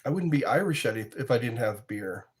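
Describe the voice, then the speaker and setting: A man with a medium-pitched, expressive voice talks a little fast as he hangs out with his livestream viewers. He rambles, cracks jokes, reads comments aloud, and often laughs at his own humor.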